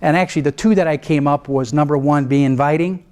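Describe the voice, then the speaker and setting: A man's voice: on the high side, fast talker, darkish tone. A man giving a law school lecture in a conversational way, often checking in with his listeners and sometimes restarting or trailing off mid-thought. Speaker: guest lecturer.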